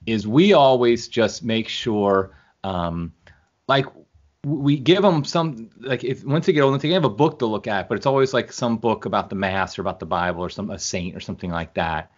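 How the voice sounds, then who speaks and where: A man's voice: on the low side, lively intonation, moderate pace. A middle-aged man chatting as an interview guest, rambling and correcting himself as he goes. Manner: rambling, self-correcting, chuckles often. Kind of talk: casual interview chat. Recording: muffled lo-fi video call audio.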